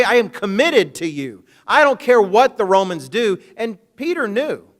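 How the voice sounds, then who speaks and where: A male minister preaching a sermon reads scripture aloud and comments on it in a conversational, joking manner. He alternates between loud, emphatic quotations and low, hushed asides.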